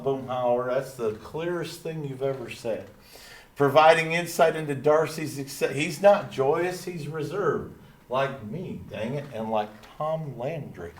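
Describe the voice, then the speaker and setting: A man putting on a drawling small-town cartoon dad, folksy and proud, leaning on his stock phrases as he reads through a lesson. The voice sits a little high for a man and rings in a roomy space. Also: close to an everyday voice. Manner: slow Texan drawl, repeating catchphrases. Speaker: teacher. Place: classroom. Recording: roomy echo.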